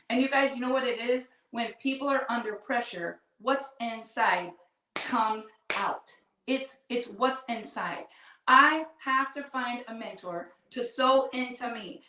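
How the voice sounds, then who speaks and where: A middle-aged woman with a fairly high voice tells her own story earnestly and from the heart. She talks straight to her listeners as a podcast host. The sound is roomy and echoey, picked up from a distance. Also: pushed and bright. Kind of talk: personal storytelling to an audience. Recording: echoey room, distant mic.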